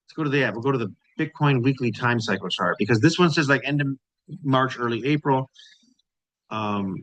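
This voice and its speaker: A man's voice: mid-range voice, fairly quick, a bit bright, dry recording, rough recording. Emphatic man talking through market charts. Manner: emphatic, repetitive phrasing with frequent "right?" and "you know". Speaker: trading channel host. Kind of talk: casual chart commentary.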